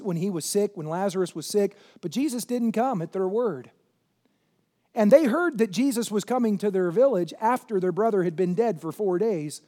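A male pastor delivers a sermon in a notably high voice. He preaches emphatically, throwing questions at the congregation and swinging between loud shouting and quieter, intense stretches.

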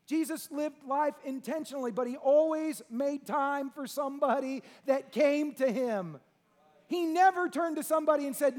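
A man with a strikingly high voice preaches in a drawl. He sweeps from near-whispers up to ringing shouts as he drives home each point. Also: normal speed. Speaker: pastor. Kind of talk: sermon.

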